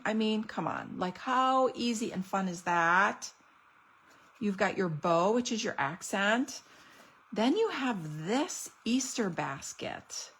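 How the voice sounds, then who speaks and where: A woman's voice: medium pitch, breathy edge, low-quality recording. A woman showing off craft products in a casual unboxing video, gushing and chatty. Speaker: stamping demonstrator.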